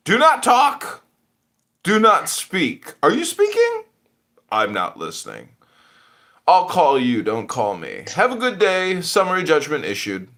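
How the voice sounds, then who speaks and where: A man's voice: mid-range voice, huge pitch swings, moderate pace, vocal fry, fairly bright tone, heavily acted. A man voicing a curt, officious bureaucrat who barks clipped commands. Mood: barking orders. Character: curt officious male bureaucrat barking orders.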